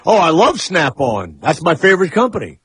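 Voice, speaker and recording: A man's voice: fairly high pitch, huge pitch swings, a little fast, a bit bright, breathy edge. A man hosting a radio talk show, rambling and opinionated in casual chat. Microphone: studio microphone.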